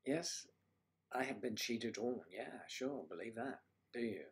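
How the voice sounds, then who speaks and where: A man's voice: medium pitch, a little slow. A man hosting a casual livestream, rambling and joking as he answers viewers' comments. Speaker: livestream host.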